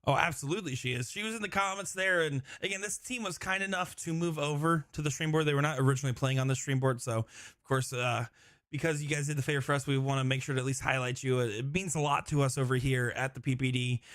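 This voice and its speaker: A man's voice: medium pitch, fairly even intonation, quick pace, a bit bright, dry recording, clean studio sound. A man commentating a live darts stream, rambling and laughing often as he chats with his co-host. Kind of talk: live sports commentary, casual banter.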